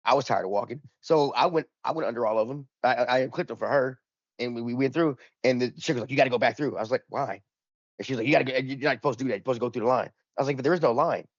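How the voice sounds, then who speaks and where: A podcast co-host tells a rambling, profane story in casual chat, restarting often and acting out both sides of an argument. His medium-pitched voice is very fast, and the recording is dull, lo-fi, and dry.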